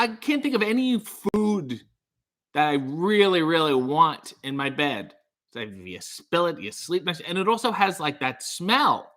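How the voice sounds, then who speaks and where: Male livestream host: bright, slightly high voice, rambling and self-deprecating comedic chat. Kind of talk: casual chat reading viewer comments.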